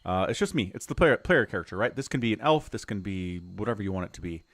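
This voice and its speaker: A middle-aged man chatting his way through a game stream, his pitch swinging up and down as he talks. The sound is close and dry, with no room around it. His talk rambles along as he explains what is happening on screen. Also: lively intonation, quick pace, no room sound. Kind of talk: casual live-stream commentary.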